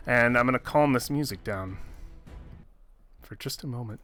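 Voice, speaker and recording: A man narrating as game master with slow, descriptive storytelling. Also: medium pitch, pushed and bright, faint music behind.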